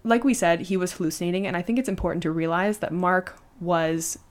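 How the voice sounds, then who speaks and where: Lower-voiced woman telling a story. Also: a little fast. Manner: conversational, animated retelling with fillers. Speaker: podcast host. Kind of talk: casual storytelling.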